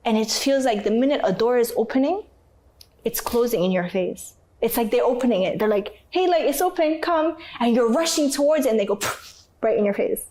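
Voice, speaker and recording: A woman from North Africa speaks as an interview guest with a slightly high voice. She tells her personal story candidly, and her delivery turns emotional and animated as she goes. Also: fairly quick.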